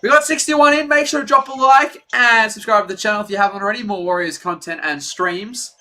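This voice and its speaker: Male fan streamer calling the game live, openly biased, erupts at bad calls, bright edgy voice. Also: high-pitched, fairly quick. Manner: partisan, excitable, rants at referees.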